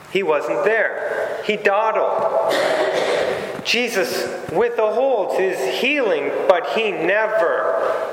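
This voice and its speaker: Man preaching, high voice, slow deliberate delivery, dramatic pauses, booming hall reverb. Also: a bit bright, a little hiss or hum. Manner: emphatic, with dramatic pauses and repetition. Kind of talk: sermon. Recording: very echoey hall with long reverb.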